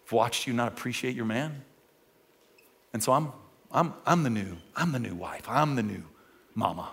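A man voicing a brazen woman intruder who claims to be the new wife, speaking in a hushed, mock-reasonable way. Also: mid-range voice, moderate pace, gravelly, pitched below the performer's own voice.

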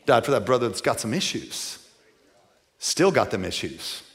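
A man preaching a sermon to a live congregation, animated, with folksy asides, moving between loud and quiet. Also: mid-range voice, moderate pace. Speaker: pastor. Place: church before a live congregation.

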